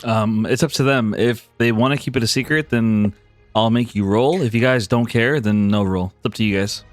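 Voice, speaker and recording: A man's voice: mid-range voice, moderate pace, no room sound, faint music behind. A man running a tabletop game, narrating scenes casually with many fillers. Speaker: game master.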